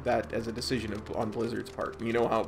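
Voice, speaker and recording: Gravelly laid-back gaming streamer. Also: male voice, fairly low pitch, completely flat delivery, fast talker, a little hiss or hum. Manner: laid-back, rambling, chatting with viewers. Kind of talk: casual gameplay chat.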